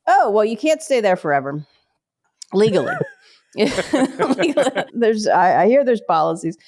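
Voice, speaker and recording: A woman's voice: mid-range voice, normal speed. A woman from Pittsburgh with a mild Pittsburgh accent, a comedian guest telling stories in a rambling, self-deprecating way in a casual interview. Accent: mild Pittsburgh American. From Pittsburgh, USA. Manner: rambling, self-deprecating, laughs often, animated when acting out voices. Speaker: guest, comedian and military spouse.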